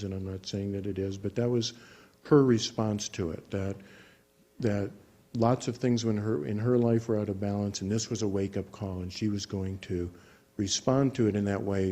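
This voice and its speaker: A man working as a clinician who teaches relaxation imagery, telling a patient's story in a calm, measured way with frequent restarts. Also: lowish voice. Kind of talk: spoken teaching talk with a case story.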